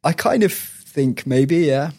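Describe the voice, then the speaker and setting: A man's voice: on the high side, lively intonation, takes it slowly, darkish tone, slightly rough. Hesitant man thinking aloud. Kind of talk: casual chat.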